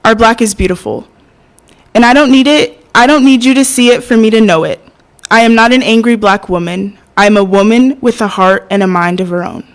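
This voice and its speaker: A young woman performing spoken word poetry at an open mic, hesitant and soft-spoken between poems, passionate when she recites. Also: on the high side, a little fast, rough recording. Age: young adult.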